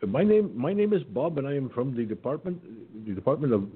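A man doing an Indian-accent impression of a male phone scammer who stumbles through a repetitive pitch, over a phone-like line. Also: sing-song, a little fast, slightly rough. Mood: scripted pitch.

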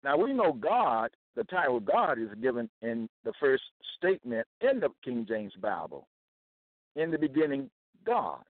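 With huge pitch swings in his mid-range voice, a man gives an unhurried, slow Bible teaching to camera. He stresses and repeats key phrases and frequently makes sure listeners follow. The echo-free audio has phone-quality sound.

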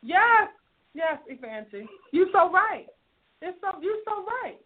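A woman's voice: very high voice, very animated, takes it slowly. A woman hosting an advice talk show, reading a listener's email and scolding the writer in an emphatic, sermon-like way. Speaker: relationship talk show host. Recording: tinny phone-like sound.

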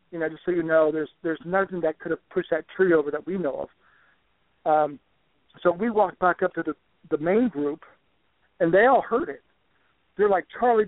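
An older man telling a long story as a guest on a talk show, animated and often restarting his words. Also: fairly high pitch, dry recording. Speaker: guest researcher. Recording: tinny dry phone line.

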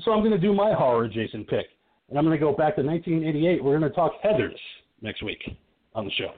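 A man's voice: a little high, big pitch swings, fast talker. A man hosting a podcast, chatting casually about horror films and laughing often. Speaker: podcast host. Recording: phone-like call audio.

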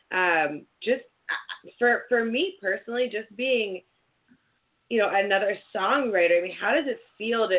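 A young adult woman hosting a casual live interview, bubbly and gushing, filling her talk with "like". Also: lowish voice. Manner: bubbly, gushing, says "like" often. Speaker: show host. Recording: tinny phone-like line.

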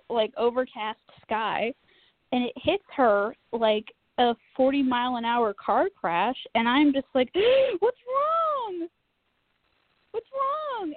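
A woman telling a story in casual chat, animated and self-mocking, swearing freely. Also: high-pitched, no room sound. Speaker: podcast co-host. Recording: tinny phone-like line.

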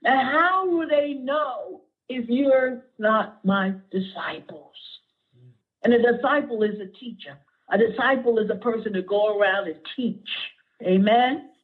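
A woman's voice: on the high side, a little slow, husky. A middle-aged woman pastor preaching a sermon with passion, at times close to tears, calling for responses from the congregation. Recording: tinny phone-like audio.

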